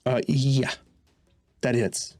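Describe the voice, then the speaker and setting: Casual, halting man running the game. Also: mid-range voice, level tone, darkish tone, no echo. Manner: casual, halting, with many restarts. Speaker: game master. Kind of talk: narrating a tabletop game.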